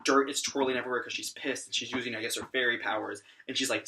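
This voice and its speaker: A man's voice: mid-range voice, fast, far from the mic. Rambling young man recapping an episode. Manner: rambling, animated, many fillers. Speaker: anime reviewer.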